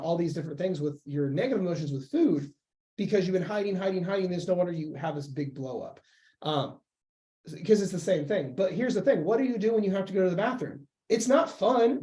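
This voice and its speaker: A young man talking as a podcast guest and weight-loss coach, emphatic and animated in casual conversation. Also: high-pitched. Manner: emphatic, animated, acts out quoted voices.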